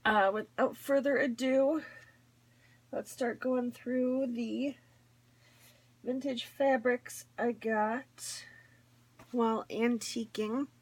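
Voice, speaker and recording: A woman's voice: a little high, fairly even intonation, slow pace, long pauses, slightly rough. A woman chatting casually as a crafting vlogger, showing a fabric haul in her morning voice, rambling with small laughs and fillers.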